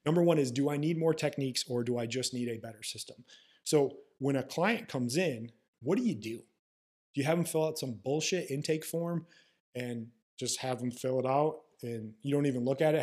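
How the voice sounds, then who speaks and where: A man speaks in a mid-pitched, somewhat husky voice, hosting a podcast monologue. He is blunt and profane, with a sarcastic edge. He talks like a manual therapist lecturing his peers. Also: a little fast, darkish tone.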